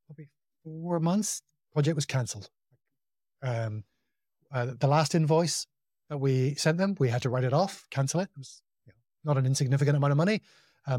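A man talking casually as a podcast guest, telling work stories in a relaxed, self-deprecating way. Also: on the high side, no room sound, clean studio sound. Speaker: podcast guest, project implementation consultant. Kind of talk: casual conversational interview.

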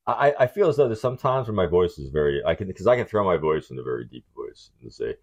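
A middle-aged man co-hosting a casual podcast, joking and swearing, often dropping into a mock-deep seductive voice. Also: animated, fast, a little mellow. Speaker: podcast co-host. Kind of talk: casual chat.

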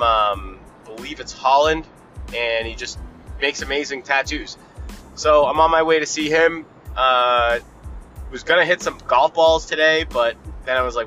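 A man with a medium-pitched, bright, forceful voice hosts a podcast from his car while driving. He talks casually, bluntly and profanely, rambling as he goes.

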